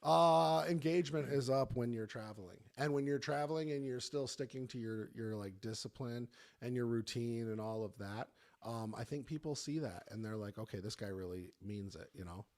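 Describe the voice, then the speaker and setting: A man's voice: medium pitch, normal speed, darkish tone. A man hosting a podcast as a fitness coach, chatting loosely with laughter and swearing. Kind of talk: casual chat.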